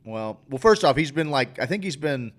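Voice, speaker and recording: A man's voice: medium pitch, big pitch swings, normal speed. A married man co-hosting a show, rambling and swearing casually with lots of fillers and restarts. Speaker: podcast co-host. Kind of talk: casual chat.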